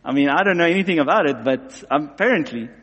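A man preaching a sermon in an animated way, acting out both sides of everyday scenes. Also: fairly high pitch, fast talker. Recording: long hall reverb.

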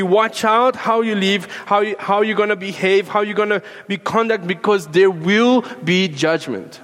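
A man's voice: high-pitched, normal speed, a bit bright. A man from Peru preaching a sermon, earnest and repetitive, building to fervent emphasis. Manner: earnest, repeats phrases, rising to fervent emphasis. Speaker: pastor. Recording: long reverb of a large room.

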